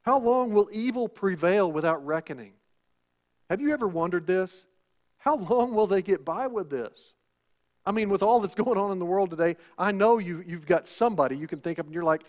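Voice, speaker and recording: A man's voice: sits high, animated, a little fast. A male pastor preaching a sermon, asking rhetorical questions and repeating phrases for emphasis. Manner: rhetorical questions, call-and-response "Amen?".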